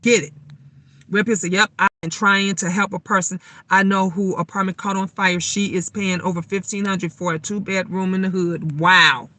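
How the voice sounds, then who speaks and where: Emphatic, swearing woman with a bright voice. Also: fairly even intonation, normal speed. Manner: emphatic, swears freely, gets louder and higher when riled up. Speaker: live stream host. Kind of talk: casual live chat storytelling.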